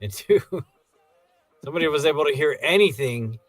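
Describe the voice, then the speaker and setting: Animated laughing man recapping a show. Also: normal speed, dry recording, faint music behind. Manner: animated, laughing, jumps into silly high voices. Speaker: podcast co-host. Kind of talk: casual chat, recapping a show.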